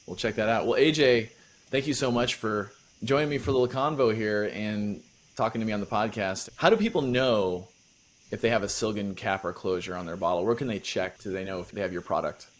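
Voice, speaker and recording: Low-voiced playful podcast host man. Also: fairly quick. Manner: playful, upbeat questioner. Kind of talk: casual interview chat.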